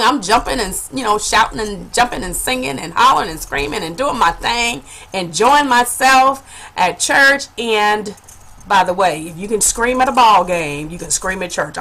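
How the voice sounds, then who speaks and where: Laughing as she goes, a female vlogger shares a funny story from her own life in a casual, animated manner and calls her viewers honey. Her voice is on the high side, at a moderate pace.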